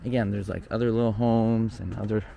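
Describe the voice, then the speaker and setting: Fairly quick and creaky, with a warm tone and fairly even intonation, a low-voiced man narrates his walking vlog while touring a hillside stairway in a city neighborhood. He's breathless from the climb, chatty and thinking aloud with many fillers, and faint street ambience can be heard.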